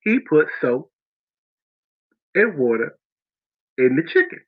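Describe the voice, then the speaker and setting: A man's voice: on the high side, big pitch swings, slow, narrow, tinny audio. A man hosting his own podcast, rambling chattily with many restarts and fillers. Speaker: podcast host. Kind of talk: casual chat.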